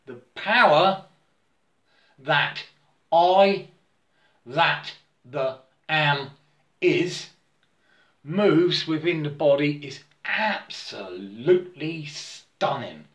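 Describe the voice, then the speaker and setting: A man's voice: on the high side, lively intonation, fairly bright tone. A man talking in a rambling spiritual monologue, stammering, repeating himself and often checking in with his listener. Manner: halting and repetitive, stammers and keeps asking "yeah?". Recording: roomy echo.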